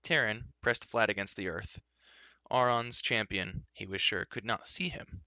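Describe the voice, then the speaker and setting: Reading a fantasy storybook at a measured pace, this male audiobook narrator voices each character separately, changing pitch and loudness for their lines. The recording is lo-fi with no room sound.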